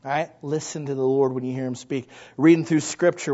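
A man preaching a sermon, talking conversationally to the congregation and often asking them questions, then building from quiet asides into loud, emphatic exclamations. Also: mid-range voice, steady tone, moderate pace. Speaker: pastor. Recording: muffled lo-fi recording.

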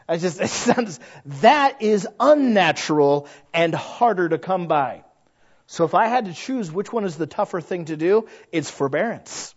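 A man in his thirties preaches with a fairly high voice, acting out the people in his stories. The recording sounds a little dull and lo-fi. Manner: animated storyteller who acts out quoted voices. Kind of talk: sermon.

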